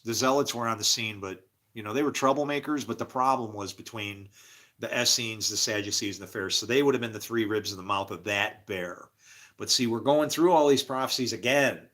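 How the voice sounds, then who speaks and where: A man at an ordinary middle pitch rambles through a religious monologue. His tone is bright and forceful. He drifts from quiet mumbles into sudden shouts and laughs to himself along the way. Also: a little fast.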